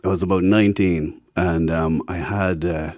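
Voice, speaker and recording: A man's voice: sits low, moderate pace. A man with an Irish accent, a guest telling stories frankly in casual talk and acting out the people he quotes. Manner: frank, animated when quoting others. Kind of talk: casual storytelling.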